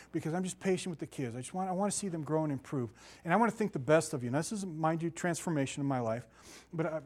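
A middle-aged man preaching a sermon in a conversational, animated way, with asides and laughter. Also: a little high.

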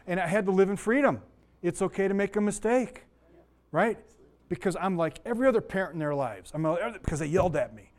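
Guy teaching bible study, chatty, wanders off into stories, voice kinda sore, a little high. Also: animated, fairly quick, darkish tone. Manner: conversational, digressive, with anecdotes. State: slightly sore voice.

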